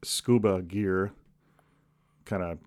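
Guy on a podcast, kinda low voice, deadpan jokes, rambles a lot. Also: drawn-out words. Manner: deadpan jokey, rambling with restarts. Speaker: podcast co-host. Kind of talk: casual comedic chat.

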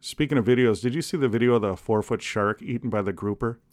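A man co-hosting a podcast, cracking deadpan jokes in casual rambling chat. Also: medium pitch, quick pace. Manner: deadpan jokey, rambling with restarts. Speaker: podcast co-host.

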